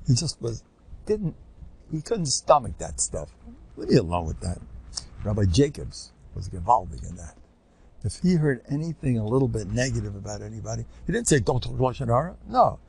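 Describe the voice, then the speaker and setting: Animated older rabbi with a gravelly voice. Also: male voice, on the low side, brisk. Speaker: rabbi giving a Torah lecture. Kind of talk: informal Torah lecture.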